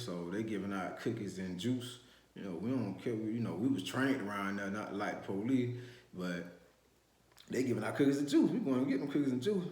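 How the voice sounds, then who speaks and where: A man tells a first-person story from his youth. His voice sits on the low side, and he rambles with constant restarts and street slang. The room around him has a noticeable echo. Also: a little mellow. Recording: roomy echo.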